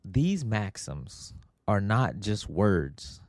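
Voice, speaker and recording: A middle-aged man hosting a podcast, telling a family story in a casual, animated way and acting out what people said. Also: drawn-out words, dry recording, studio quality. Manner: animated, acts out quotes with big pitch jumps. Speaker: podcast host.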